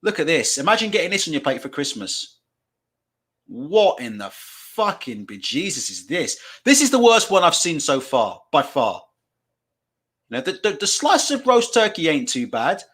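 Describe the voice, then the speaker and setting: A man hosting a live stream, with a high, bright voice that swings up and down as he reacts. He swears freely and breaks into laughter often. He speaks into a desk mic at his computer. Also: very animated, normal speed.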